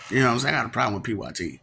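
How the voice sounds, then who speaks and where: A man's voice: medium pitch, vocal fry, bright, forceful tone, slight background noise. A man rambling through a comic monologue, teasing with rhetorical questions, repeating phrases and laughing between lines. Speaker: vlogger.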